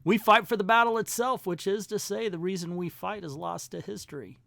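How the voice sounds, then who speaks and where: Pompous alien commander, booming and theatrical, as a man puts him on; old-school cartoon villain, high and loud. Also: a little fast, vocal fry, no room sound, full character voice. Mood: solemn. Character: pompous male alien leader, imperious and old-fashioned.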